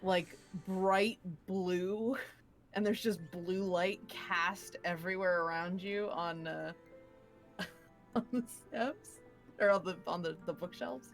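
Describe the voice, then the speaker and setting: A woman's voice: lowish voice, slow, faint music behind. A woman narrating a tabletop game as dungeon master, hesitant with many fillers and casual swearing.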